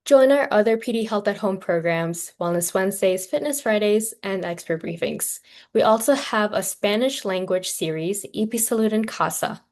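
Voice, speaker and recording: Female webinar host, mid-pitched, friendly read-through of announcements. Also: moderate pace, a little mellow. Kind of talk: scripted program introduction. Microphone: video call.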